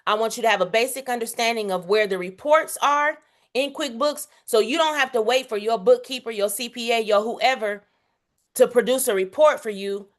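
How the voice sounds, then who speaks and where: A woman with a fairly high voice speaks at a moderate pace while teaching a bookkeeping workshop. As the instructor, she's casual, direct, and emphatic, uses slang, and often checks in by asking "okay?".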